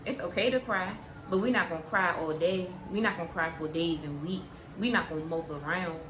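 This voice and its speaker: A young woman talks frankly to her viewers in an easy, unhurried way, leaning on repetition to drive her points home. Her voice sits a little low. The sound is roomy, with a clear steady noise behind her. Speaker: vlogger. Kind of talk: candid casual chat to camera.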